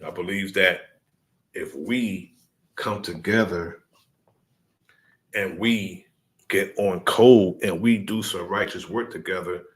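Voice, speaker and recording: Male organizer, slow measured delivery, preaching cadence, lower voice. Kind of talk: casual address to followers.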